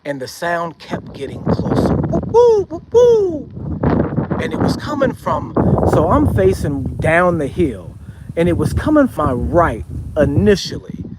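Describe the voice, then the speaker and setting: A man with a slightly high voice tells a personal story in a loose, casual way, his pitch swinging widely as he talks. Clear vehicle noise hums behind him, as if he is recording while on the road. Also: moderate pace. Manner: animated, imitates bird calls in a high hoot. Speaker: podcast host.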